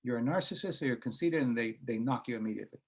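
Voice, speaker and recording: A man's voice: mid-range voice, very fast, husky. A man talking in a conversational interview, telling anecdotes and acting out quoted dialogue, with frequent hesitations and restarts. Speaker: guest author and researcher.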